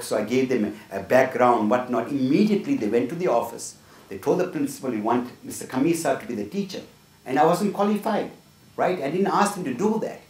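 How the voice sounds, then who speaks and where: A man's voice: medium pitch, a little mellow. A middle-aged man giving a motivational workshop talk full of personal stories, earnest and often asking "right?". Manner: earnest, tags points with "right?". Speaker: workshop speaker. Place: room with a small group. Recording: echoey room from a distance.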